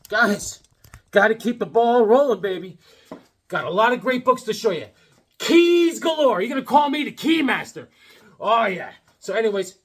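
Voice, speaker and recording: Male comic vlogger, high and lively voice, joking and rambling. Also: husky. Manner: joking, rambling, animated riffing. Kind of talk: comedic casual monologue.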